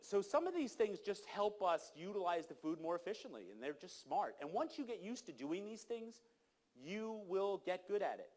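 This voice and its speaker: Guy preaching at a conference crowd, kinda high voice, punchy and pushy. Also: big pitch swings, moderate pace. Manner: emphatic, exhorting, acts out quoted people. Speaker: conference speaker. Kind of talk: animated conference talk. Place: conference hall.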